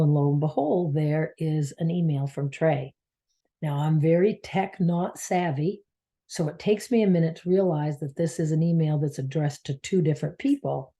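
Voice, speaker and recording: Her voice is deep and mellow as this spiritual coach and channel host from Maine, in the United States, wanders through a heartfelt story from her own life. Now and then she drops to a near whisper.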